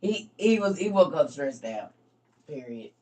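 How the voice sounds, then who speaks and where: A woman's voice: low-pitched, big pitch swings, measured pace, mellow, recorded from a distance. A woman hosting a live stream, casually reading scripture aloud and talking it over with her viewers, laughing at her own slips.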